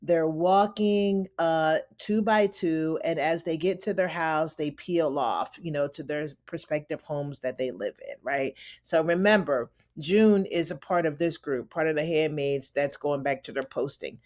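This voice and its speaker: A woman's voice: sits low, unhurried, few pauses, a little mellow. A woman casually recapping a TV drama episode, acting out the characters' lines in shifting voices and chatting to her listeners. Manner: chatty, addresses listener as honey. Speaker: TV recap reviewer. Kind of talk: casual recap with acted-out quotes.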